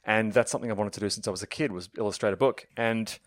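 A young man talks quickly and with lots of enthusiasm, slipping in jokes as he goes. His voice sits at an average pitch, and the recording is dry and close. It sounds like a casual podcast chat. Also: fairly even intonation, dry recording. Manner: chatty, enthusiastic, jokey. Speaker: podcast co-host and author.

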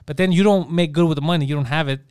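A man co-hosting a podcast, telling a comedic story in a profane, animated way and acting out the voices of the people in it. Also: on the high side, racing, clean tone, no echo, clean studio sound. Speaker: podcast co-host.

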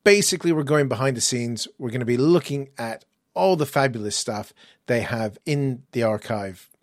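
Man, English accent, podcast host, chatty, self-mocking, middle pitch, dry close sound. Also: moderate pace, no echo. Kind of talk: casual interview chat. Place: museum collections hangar.

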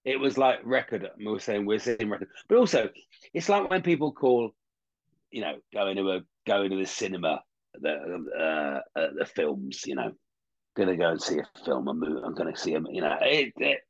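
A man's voice: sits low, lively intonation, normal speed, highs cut off. A man co-hosting a podcast, chatting casually in a jokey, rambling way with mocking asides. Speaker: podcast co-host. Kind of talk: casual chat.

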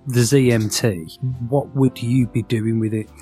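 A man's voice: mid-range voice, fairly even intonation, unhurried, dark tone, faint music behind. A man co-hosting a casual podcast about a book and its film, rambling, correcting himself as he goes, and steering the questions. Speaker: podcast co-host.

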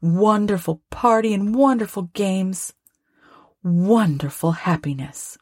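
A woman reads a storybook aloud with expressive, lively phrasing. Her voice sits low and husky. The sound is dry and close, with no room around it. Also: measured pace, no echo. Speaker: narrator. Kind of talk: storybook reading.

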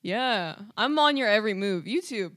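A woman co-hosting a comedy podcast, giggly and quick to play along with the joke. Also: medium pitch, expressive, a bit bright, dry recording, studio quality. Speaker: podcast co-host. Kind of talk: comedic banter.

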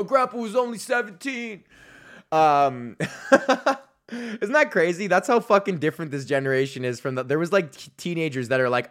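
A male comedian who hosts his own podcast rambles through a stage story in a middle-pitched voice. He swears nonstop, chuckles at his own jokes, and slips into quick impressions of the people he describes. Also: very animated, a bit bright, clean tone. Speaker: podcast host, stand-up comedian. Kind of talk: casual profane storytelling monologue.

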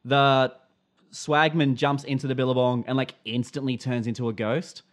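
Man, podcast co-host, easygoing, wry, anecdotal, middle pitch. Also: level tone, moderate pace. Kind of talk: casual podcast chat.

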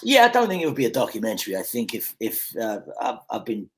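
A man from Scotland, an actor guest on a podcast, telling stories in a relaxed way with lots of fillers and restarts. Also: fairly low pitch, quick pace. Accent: mixed Scottish and English, Americanised. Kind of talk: casual podcast chat.

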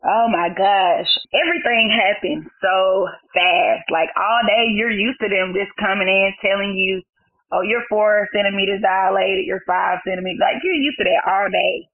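A young woman, a new mother, tells her own story in an animated and emotional way, often breaking into laughter. Her voice sits at an ordinary middle pitch. It comes through a narrow, phone-like channel. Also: moderate pace. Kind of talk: personal storytelling interview.

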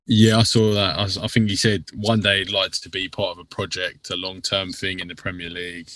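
A man co-hosting a casual football podcast, blunt in his opinions and quick with short interjections. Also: sits low, level tone, fairly bright tone, no room sound. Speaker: podcast co-host.

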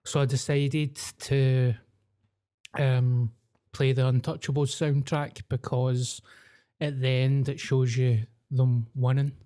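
Croaky sweary Scottish man hosting. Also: medium pitch, level tone, takes it slowly, dark tone. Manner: sweary, jokey banter. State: slightly croaky after illness. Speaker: podcast host. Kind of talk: casual chat.

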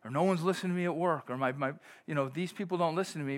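A middle-aged man preaching a sermon in a fairly high voice. He talks to the congregation like a friend, then breaks into sudden loud bursts. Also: rapid-fire. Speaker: pastor.

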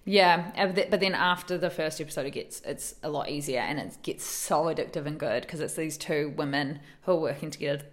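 A woman co-hosting a podcast, telling animated stories in casual chat, acting out quotes and laughing often. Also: low-pitched, a little fast, hardly any pauses. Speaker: podcast co-host.

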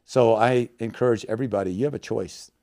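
Earnest man with a dark voice. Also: mid-range voice, a little fast. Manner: earnest, emotional, swings between loud and hushed. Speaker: missionary guest. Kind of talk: heartfelt storytelling and prayer.

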